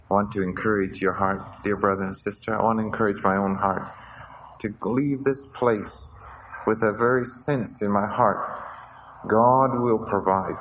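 A man's voice: on the low side, fairly even intonation, normal speed. A man preaching a sermon at a conference, earnest, repeating his key phrases. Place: conference hall. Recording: dull lo-fi recording with faint hiss.

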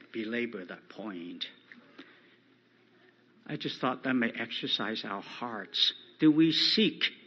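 Slow, husky-voiced man preaching. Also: mid-range voice, muffled recording. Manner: slow, emphatic, rising loud on quoted scripture. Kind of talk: sermon.

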